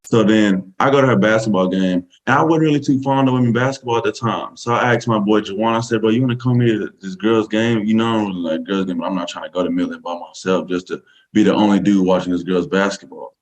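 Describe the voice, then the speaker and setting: A man's voice: lowish voice, fast talker, low-quality recording. A man with a Southern US accent, a podcast guest telling a story casually, rambling with many fillers. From Texas, USA.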